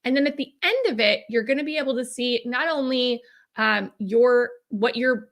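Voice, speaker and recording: Bright, chatty woman on a live stream. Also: a little high. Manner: chatty and upbeat, greeting viewers by name. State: losing her voice, clearing her throat. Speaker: host, accountant and profit strategist. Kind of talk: casual live-stream chat.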